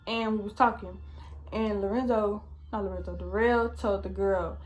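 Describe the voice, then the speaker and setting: Fast-talking young woman telling a storytime. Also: medium pitch, fairly even intonation. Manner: fast, chatty, slangy, swears often. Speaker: vlogger. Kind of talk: casual storytime.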